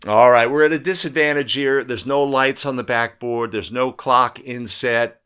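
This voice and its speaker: A man's voice: mid-range voice, steady tone, moderate pace, a bit bright, clean tone. A man hosting an instructional video for basketball officials, talking through game footage in a coaching manner and often checking in with "right?". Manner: coaching, emphatic, with frequent "right?" tags.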